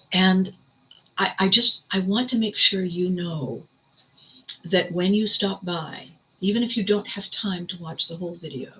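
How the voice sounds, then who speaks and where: A woman hosting her own vlog, telling a personal story in a casual, expressive way and laughing often. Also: on the low side, poor audio. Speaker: vlog host.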